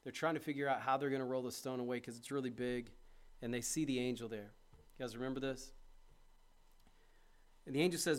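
A man preaches fairly quickly in a steady, mid-range voice, asking his congregation pointed questions. He alternates between quiet reflection and loud, impassioned exhortation.

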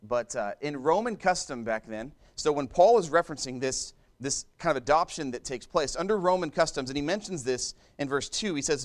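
A man with a fairly high voice preaches a sermon conversationally, repeating and restarting phrases and turning aside to address the congregation.

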